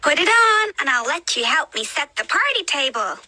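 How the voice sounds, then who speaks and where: A woman voicing a bossy young girl bunny, the big sister in a children's cartoon, bright and sing-song. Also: high-pitched, very animated, normal speed. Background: cartoon background music.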